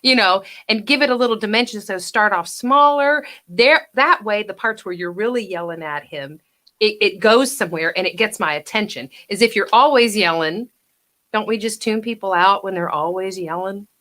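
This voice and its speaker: A woman giving an actor feedback over a video call, chatty, now and then acting out lines in a hush. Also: mid-range voice, animated, normal speed. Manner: coaching, chatty, acts out lines in hushed whispers. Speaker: judge and acting coach.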